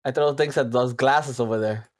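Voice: medium pitch, normal speed. Giggly, chatty tabletop player. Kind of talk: casual tabletop game chat.

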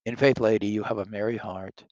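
A man's voice: lowish voice, steady tone, brisk, a little mellow, no room sound, lo-fi sound, natural voice. A man reading aloud the part of a genial nobleman prince who plays matchmaker, declaiming his lines.

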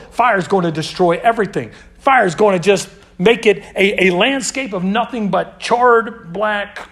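A young man preaching to a youth group. He talks casually, calls the listeners dude and man, and swings between loud emphasis and hushed asides. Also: high-pitched. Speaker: youth pastor. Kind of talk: sermon.

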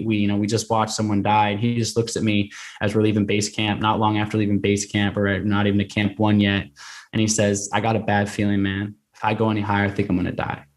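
A man telling a personal story as a podcast guest, conversational with many fillers and restarts. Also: lowish voice. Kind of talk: casual storytelling.

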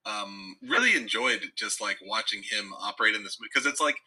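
A man's voice: fairly low pitch, brisk, husky, poor audio. A man co-hosting a podcast, chatting casually about a film and laughing often. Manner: relaxed, laughs often, restarts sentences. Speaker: podcast co-host. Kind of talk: casual film review chat.

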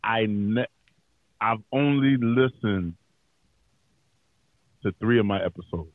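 A man hosting a podcast in casual chat, slangy and profane, with a radio-style voice and quick laughs. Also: on the low side, dry recording, phone-quality sound. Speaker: podcast host.

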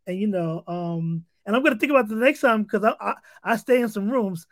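A male podcast host who talks excitedly, stammering and restarting his sentences often. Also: sits high, a little fast, no echo. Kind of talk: casual interview talk.

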